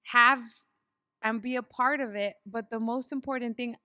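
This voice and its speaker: A woman hosting a casual interview, asking slow, emphatic, encouraging questions. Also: fairly high pitch, steady tone, sharp tone, no echo, studio quality. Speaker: podcast host.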